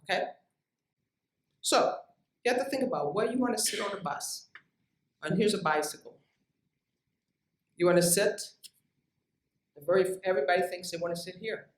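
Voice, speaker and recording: A woman's voice: lowish voice, moderate pace, pauses often. A woman scientist giving a direct, emphatic motivational lecture to young researchers. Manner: emphatic, direct, lively with asides. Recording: echoey room, distant mic.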